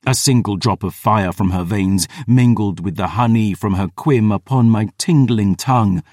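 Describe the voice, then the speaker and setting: A man giving a dramatic audiobook narration, measured and intense, with slow emphatic beats. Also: on the low side, darkish tone, no echo, clean studio sound.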